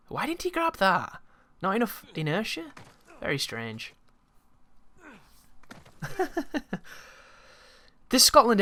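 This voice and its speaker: A man's voice: on the high side, sharp tone. Rambling man commentating gameplay. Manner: rambling, opinionated, swears freely.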